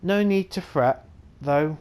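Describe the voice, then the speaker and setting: A man voicing a friendly, folksy male merchant on a ship, reading his lines in a slow, halting way. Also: fairly high pitch, darkish tone, clear, resonant tone.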